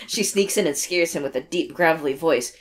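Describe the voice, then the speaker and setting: Low-voiced woman co-host reading notes. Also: fairly quick. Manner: casual, wry, swearing. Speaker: podcast co-host. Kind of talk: casual chat, reading notes aloud.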